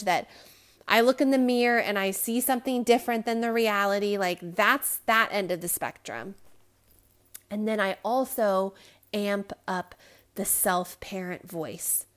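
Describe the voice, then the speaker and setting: A woman hosting a podcast, talking to listeners in a candid, rambling personal monologue with frequent fillers and small laughs. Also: on the high side. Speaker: podcast host.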